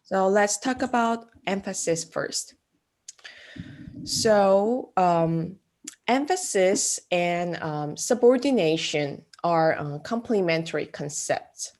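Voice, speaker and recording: A woman giving a classroom art lecture, speaking haltingly with many fillers. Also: on the low side, animated, a little mellow. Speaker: art instructor.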